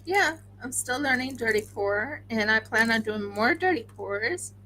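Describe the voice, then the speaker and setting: Woman, tired, crafting stream host, chatty, excitable, slow speech, bright tone. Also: on the high side, a little hiss or hum, rough recording. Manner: chatty, excitable, talks to herself as she works. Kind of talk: casual chat while crafting.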